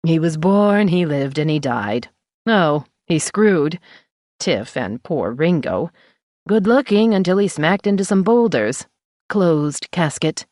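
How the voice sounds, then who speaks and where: A woman doing a husky, bawdy small-town undertaker's wife. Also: low-pitched, expressive, slow, a little mellow, dry recording, studio quality. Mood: sly teasing. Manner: bawdy, teasing, drawling. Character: husky bawdy middle-aged woman funeral director. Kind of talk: audiobook character voice.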